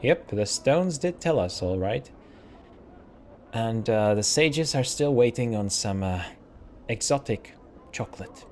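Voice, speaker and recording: A man's voice: medium pitch, lively intonation, slow pace, a little mellow, a little hiss or hum. A man casually commenting while playing a story game, rambling and chatty. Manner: chatty, rambling, restarts and fillers. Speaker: let's play host.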